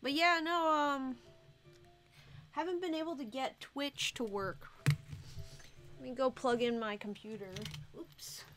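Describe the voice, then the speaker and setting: A woman chatting casually on a live stream while she draws, sleepy and soft-spoken, rambling to herself. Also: sits high, slow pace, pauses often, soft background music. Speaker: artist livestreaming her drawing. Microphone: desk microphone.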